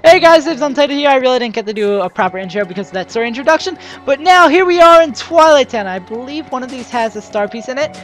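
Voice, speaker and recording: A young woman hosting a let's play, chatting excitedly and stumbling over her words as she comments on a game. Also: high-pitched, fast, hardly any pauses. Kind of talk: casual gameplay commentary. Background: faint game music.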